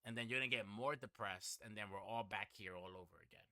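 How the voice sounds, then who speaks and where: A man's voice: fairly low pitch, fast, a crowd in the background. A young man from the Bronx, hosting a casual podcast chat, acting out dialogue and swearing freely as he tells stories. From the Bronx, New York. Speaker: podcast host.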